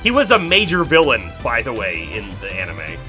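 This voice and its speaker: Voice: medium pitch, wildly swooping pitch, normal speed, music in the background. A streamer giving chatty playthrough commentary, reading game dialogue aloud and laughing often.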